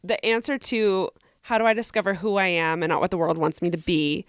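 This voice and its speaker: A woman's voice: fairly low pitch, steady tone, fairly quick, clean tone, dry recording, studio quality. Young woman giving earnest advice. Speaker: podcast co-host. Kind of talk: casual advice chat.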